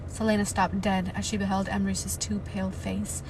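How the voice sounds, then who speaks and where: A woman on a live stream, reading a novel aloud and breaking into loud, panicked reactions and swearing, from inside a car. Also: medium pitch, level tone, fairly quick, noisy background.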